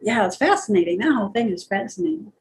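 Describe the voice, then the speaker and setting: A woman's voice: mid-range voice, animated, fast, a little mellow, rough recording. A woman talking casually and reflectively during a channeling practice session, thinking aloud with many fillers. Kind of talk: casual conversation.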